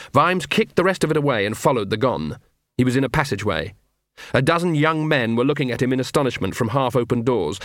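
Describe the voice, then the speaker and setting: A man narrating a story in a steady storytelling manner, lightly voicing the dialogue. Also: mid-range voice, no room sound, studio quality. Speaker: audiobook narrator. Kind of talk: scripted narration.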